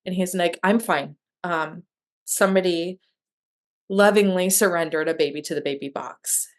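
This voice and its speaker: A woman's voice: fairly low pitch, moderate pace. A woman guest telling a personal story in a candid, emotional way, with many fillers and restarts. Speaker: guest sharing her adoption story. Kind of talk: conversational interview storytelling.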